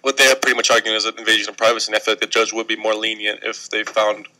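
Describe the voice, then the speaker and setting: Stammering deadpan radio host man. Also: fairly low pitch, racing, poor audio. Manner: deadpan joking, stammering restarts. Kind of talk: casual radio banter.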